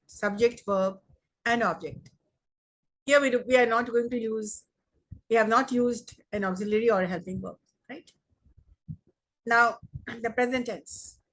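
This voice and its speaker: A young Indian woman teaching an online English grammar lesson, slowly repeating words and sentences for emphasis. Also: fairly high pitch.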